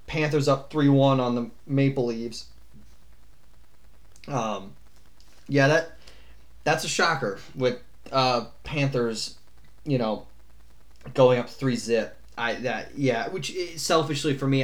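A man co-hosts a laid-back sports podcast, his voice sitting at an ordinary middle pitch. He rambles through his points with plenty of fillers, restarts and casual swearing. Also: takes it slowly, long pauses. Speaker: podcast co-host.

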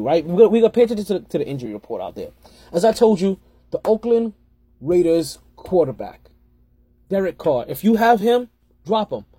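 A man talks through fantasy football picks on his podcast in a loose, rambling way, starting over and correcting himself as he goes. His voice is mellow and a little husky, sitting slightly high for a man. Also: no room sound. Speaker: podcast host. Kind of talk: casual fantasy football tips.

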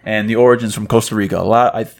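A man co-hosting a podcast, talking in a relaxed, casual way and swearing now and then. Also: lowish voice, rapid-fire, gravelly. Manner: laid-back, swears casually. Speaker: podcast co-host. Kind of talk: casual chat.

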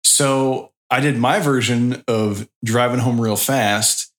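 A man's voice: medium pitch, steady tone, takes it slowly, a bit bright. A man on a podcast telling a rambling, self-deprecating anecdote in a casual chat. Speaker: podcast co-host. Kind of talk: casual storytelling.

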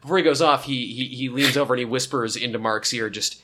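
A man's voice: mid-range voice, steady tone, fast talker, pushed and bright, slightly rough. Playful man co-hosting a podcast. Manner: jokey, playful, does silly voices. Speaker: podcast co-host. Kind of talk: casual chat.

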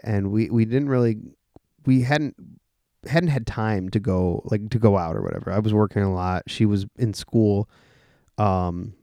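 A man's voice: fairly low pitch, dark tone, no echo, clean studio sound. A young man hosting a casual solo podcast, rambling with many fillers, restarts and the odd swear word. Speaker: podcast host.

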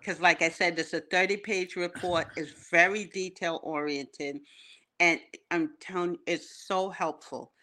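A woman's voice: fairly low pitch, steady tone, measured pace, sharp tone. A woman guest, a coach and minister, speaking earnestly and affirmingly in an interview. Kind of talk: conversational interview.

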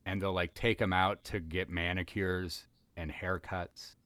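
A man's voice: low-pitched, flat delivery, measured pace, fairly bright tone, no room sound. A man co-hosting a comedy podcast, rambling through jokes in casual chat. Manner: rambling, many fillers and restarts. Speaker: podcast co-host.

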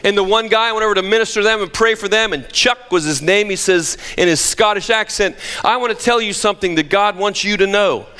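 A man's voice: high-pitched, bright, forceful tone. A man preaching a sermon as pastor, emphatic with joking asides, in a church sanctuary. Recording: long reverb of a large hall.

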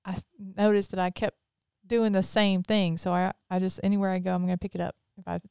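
Host: woman, Southern accent with Northern touches, mid pitch, crisp, chatty. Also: little pitch movement, quick pace, darkish tone, dry recording, studio quality. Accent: Mississippi Southern with some Northern. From Mississippi. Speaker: podcast host. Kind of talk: casual chat.

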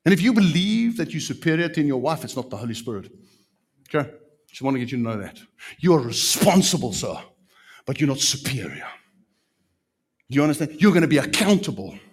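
A man with a South African accent preaching a sermon in an animated, emphatic way, full of rhetorical questions. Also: mid-range voice, brisk, pauses often, slightly rough.

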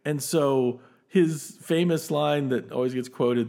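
A man's voice: on the high side, slow pace, gravelly, hardly any pauses. A man co-hosting a film podcast, talking in a casual, enthusiastic way with frequent laughs and restarts. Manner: animated, enthusiastic, laughs often, many restarts. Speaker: podcast co-host.

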